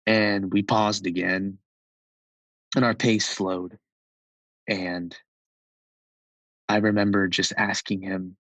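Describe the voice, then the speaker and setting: Low-voiced young man telling a story. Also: slow, pauses often, no echo, low-quality recording. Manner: relaxed, chatty storytelling with frequent fillers. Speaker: podcast guest. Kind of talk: personal storytelling in an interview.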